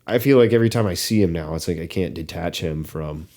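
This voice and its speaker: Rich: A man with a fairly low voice co-hosts a casual film podcast. He talks in a halting, hesitant way, circling his point with fillers and restarts. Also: dark tone. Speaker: podcast co-host.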